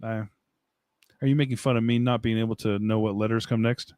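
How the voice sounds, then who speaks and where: A man's voice: lowish voice, little pitch movement, brisk, a little mellow, no room sound, clean studio sound. A man hosting a casual live stream, rambling, joking at his own expense and laughing often as he answers chat comments. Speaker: livestream host. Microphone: desk mic, streaming setup.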